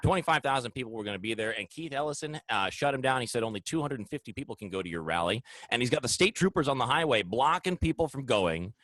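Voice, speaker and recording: Animated, ranting male talk host. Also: medium pitch, fast talker, few pauses, dry recording. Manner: heated, ranting, addresses audience directly. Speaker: show host. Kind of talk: opinionated political talk show. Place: studio.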